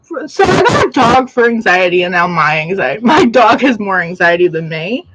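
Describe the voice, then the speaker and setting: A woman's voice: medium pitch, big pitch swings, moderate pace, noisy background. A young woman chatting casually on a livestream from her plant-filled home, rambling with lots of "like" fillers and frequent laughs. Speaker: host. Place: home room full of plants.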